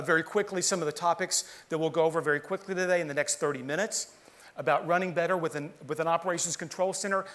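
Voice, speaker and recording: A man from the southern US with a light Southern twang and a slightly high voice. He presents to a conference audience on stage in a relaxed, conversational way, restarting sentences as he explains. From southern United States. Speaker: partner manager presenting at a conference.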